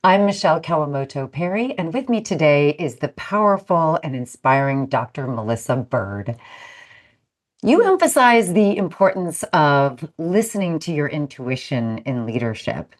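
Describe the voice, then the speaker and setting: Low-voiced woman host, lively pitch. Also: normal speed. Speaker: podcast host. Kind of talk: scripted host reads and interview questions.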